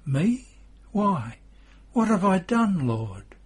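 Impulsive, excitable fisherman disciple read by a man in a storybook reading, husky and unhurried underneath. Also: mid-range voice. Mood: alarmed. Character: eager impulsive male disciple, middle-aged fisherman.

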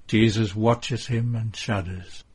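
A man narrating a devotional text in a measured, hushed storytelling manner. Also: fairly low pitch, fairly even intonation, slightly rough.

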